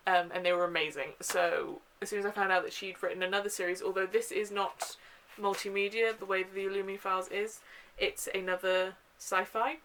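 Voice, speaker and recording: Young woman, casual vlog chat, gushing, filler-heavy, mid pitch, faint background hiss. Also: fairly even intonation, fairly quick, few pauses, fairly bright tone, poor audio. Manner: chatty and gushing, with frequent fillers. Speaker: book vlogger. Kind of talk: casual book haul chat.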